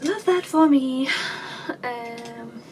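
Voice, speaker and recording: A woman chatting casually through a makeup tutorial, self-deprecating and dryly sarcastic, with her voice sometimes dropping low. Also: drawn-out words, background noise. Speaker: beauty vlogger.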